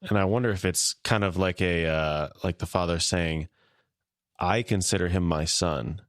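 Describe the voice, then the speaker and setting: A man with a very low voice reads scripture steadily and then chats on a podcast. His delivery is measured and even. The sound is dry and close to the mic. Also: dry recording. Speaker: podcast co-host. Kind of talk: scripture reading and casual discussion.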